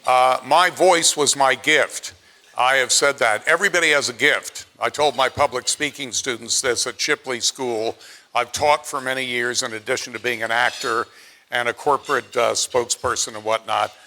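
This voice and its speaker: After-dinner speaker, male, late seventies, from Pennsylvania; bright, chatty, self-mocking storyteller. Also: mid-range voice, normal speed. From Pennsylvania, USA. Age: 70s. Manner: chatty, self-deprecating, acts out quotes in his stories. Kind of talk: anecdotal after-dinner speech.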